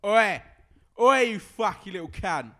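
A man doing a shouty swearing pub lout. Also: high voice, animated, measured pace, voice pushed up, full character voice. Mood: aggressive. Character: aggressive drunken male pub lout, young adult, swearing and picking fights. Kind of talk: comic improvised impression.

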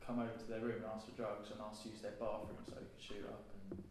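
Flat-voiced man explaining. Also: fairly low pitch, quick pace. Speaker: podcast co-host. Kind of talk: casual chat. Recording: echoey room with noise.

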